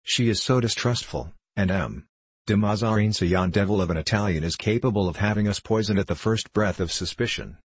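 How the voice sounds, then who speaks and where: A man's voice: lowish voice, brisk, husky, no echo. A man reading an audiobook voices an anxious old nobleman who tutors a boy, with fretful, agitated pleading.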